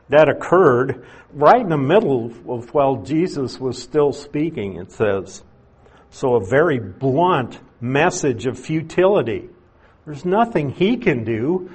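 A man's voice: mid-range voice, darkish tone, husky. A man preaching an expository sermon, explaining verses plainly with conversational asides.

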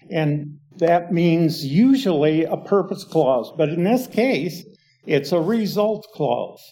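Slow, deliberate male Bible teacher. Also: a little high, darkish tone. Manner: deliberate, explanatory, stresses key words.

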